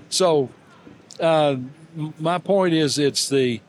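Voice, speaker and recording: An older man, a guest in an interview, telling warm everyday stories in a halting, gently humorous way, with many fillers and restarts. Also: a little high, a little hiss or hum. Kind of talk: reflective storytelling interview.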